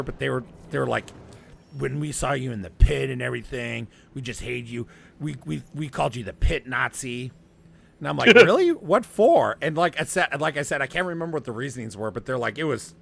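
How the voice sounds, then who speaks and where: A man's voice: medium pitch, creaky, fairly bright tone, a little hiss or hum. A man telling a long, rambling personal story in casual chat, often laughing and restarting.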